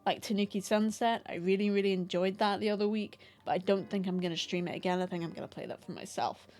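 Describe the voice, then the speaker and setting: A woman's voice: medium pitch, steady tone, fast talker, a little mellow. A woman chatting casually to her live stream audience, rambling and self-deprecating, laughing often.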